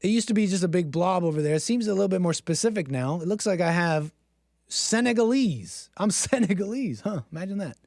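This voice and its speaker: A man's voice: sits high, expressive, a little fast, a little mellow, dry recording, clean studio sound. A man hosting a livestream, joking and self-mocking as he talks to his chat. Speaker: streamer host. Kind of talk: casual livestream monologue.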